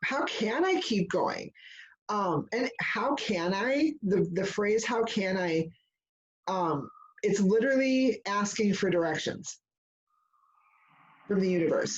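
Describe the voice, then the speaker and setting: A woman in casual spiritual chat, leading the discussion and telling stories in a rambling, animated way, full of fillers and restarts. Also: medium pitch, unhurried, lo-fi sound. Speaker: discussion leader.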